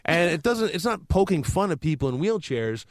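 A man's voice: fairly high pitch, very animated, normal speed, no echo, studio quality. A man in casual chat, making wry, questioning asides.

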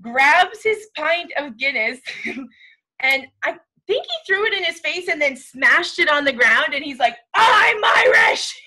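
Bright high woman telling a story. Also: low-quality recording. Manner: laughing storyteller. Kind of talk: casual chat.

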